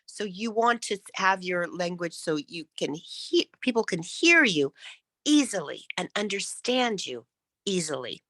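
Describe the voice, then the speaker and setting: Crisply enunciating woman coach, lively pitch. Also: unhurried, no echo. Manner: demonstrates shifts between loud and whispered speech. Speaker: public speaking coach. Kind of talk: online workshop teaching.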